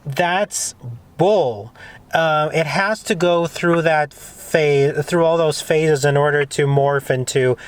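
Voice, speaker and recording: A man hosts a casual conversation, talking in an earnest, rambling way with plenty of emphasis. His voice sits fairly high for a man. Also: takes it slowly, clean tone. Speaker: host.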